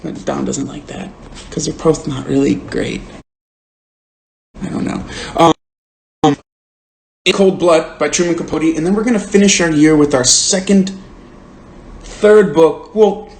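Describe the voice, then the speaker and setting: A man's voice: fairly high pitch, a little slow, creaky, long pauses, a little mellow. A man hosting a book club over a phone livestream, casual and earnest, rambling with lots of "like". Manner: rambling and earnest, heavy use of "like". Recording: roomy with faint hiss.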